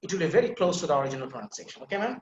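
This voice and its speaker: Man, pronunciation teacher, patient, models words slowly, fairly high voice, roomy echo, faint background noise. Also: very animated, darkish tone, lo-fi sound. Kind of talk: online pronunciation class. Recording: echoey room with faint noise.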